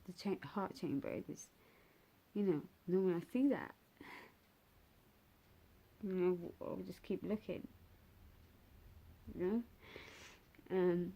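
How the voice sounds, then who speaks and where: A young woman recounts a painful memory to her camera, her voice husky and mellow with a gravelly edge. She speaks haltingly, circling back and filling pauses as the emotion rises in her talk. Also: lowish voice. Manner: halting, hesitant, with many fillers and restarts; emotional and raw. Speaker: bereaved mother telling her story. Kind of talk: personal vlog storytelling.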